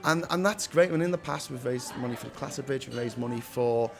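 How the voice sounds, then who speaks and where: A young man with a Liverpool accent, founder of a local food day, chats upbeat in a casual interview and laughs often. His voice is medium-pitched with vocal fry, and he talks a little fast.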